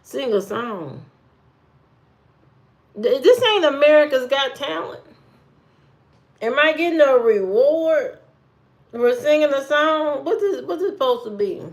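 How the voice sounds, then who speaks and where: A woman's voice: high-pitched, expressive, takes it slowly, long pauses. Female livestreamer, casual and playful, sassy running banter with the audience.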